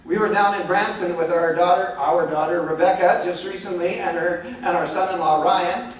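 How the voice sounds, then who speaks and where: Brief: middle-aged man, light high voice, animated joking speaker, echoey room from far off. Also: normal speed, slight background noise. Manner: animated, joking, many "okay?" and "like". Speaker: speaker at a church marriage talk. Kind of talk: relaxed storytelling talk. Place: church hall.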